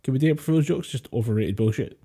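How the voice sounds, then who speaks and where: A man co-hosts a casual podcast over an online call, his voice mellow and relaxed. He rambles through stories, swears freely and breaks into laughter often. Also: mid-range voice, fast, husky. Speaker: podcast co-host. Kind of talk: casual chat. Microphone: home mic over online call.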